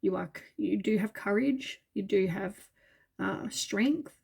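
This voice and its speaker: A woman's voice: medium pitch, a little slow, gravelly, darkish tone, slightly rough. A woman giving a casual tarot reading, tired and yawning, talking in a meandering way full of fillers and reassurances. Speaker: tarot reader.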